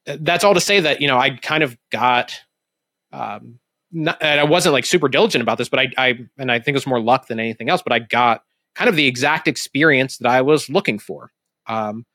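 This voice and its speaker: A man's voice: medium pitch, fairly bright tone, no room sound. Rambling man on a dry podcast mic. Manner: rambling, many fillers and restarts. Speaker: podcast guest, former CEO. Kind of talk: casual interview talk.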